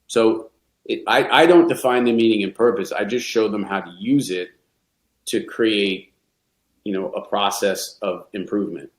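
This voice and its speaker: A man's voice: lowish voice, normal speed. A middle-aged man, a golf coach, speaking candidly and reflectively in a podcast interview, often restarting his sentences. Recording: roomy echo.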